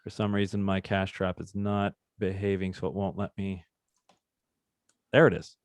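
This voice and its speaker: Low-ish guy casually teaching a trading call over a computer mic, chatty and upbeat, jokes around. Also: monotone, moderate pace, dry recording. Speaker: trading instructor hosting a live session. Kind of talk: casual live trading demonstration.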